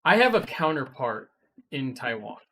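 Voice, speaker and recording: Animated man telling a workplace story. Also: medium pitch, moderate pace, slight background noise. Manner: animated storyteller, swears, acts out his own angry outbursts. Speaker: guest, web designer. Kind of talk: casual studio chat.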